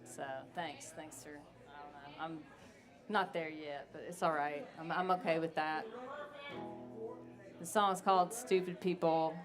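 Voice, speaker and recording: Low-voiced woman rambling onstage. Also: fairly even intonation, a little slow, over music. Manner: rambling, candid, blunt. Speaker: singer-songwriter. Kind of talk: between-song stage talk.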